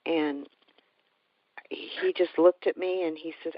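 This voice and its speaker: A woman telling a heartfelt personal story in a halting way, often restarting her sentences. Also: low voice, steady tone, no room sound. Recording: dull, slightly lo-fi recording.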